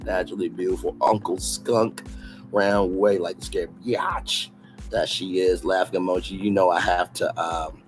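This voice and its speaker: Southern guy doing a late night live, sassy gossip, reads the chat, some music low behind him. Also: normal speed, rough recording. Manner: animated, sassy, reads chat comments aloud. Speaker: livestream host.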